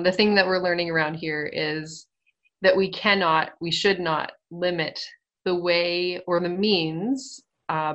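Woman in her 30s, radio guest, casual storyteller, warm, laughs easily, low-ish voice. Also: dull audio. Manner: warm, laughs often, grows emotional.

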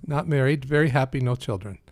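A man who is a priest, speaking as a guest in a radio chat with calm, dry humor. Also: medium pitch, brisk, dry recording.

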